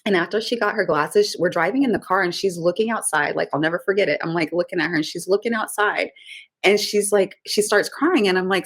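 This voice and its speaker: A middle-aged woman co-hosting a podcast as a coach, emotional in casual chat and quick to laugh and tear up. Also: on the low side, fairly bright tone, slightly rough. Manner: emotional, laughs and tears up easily.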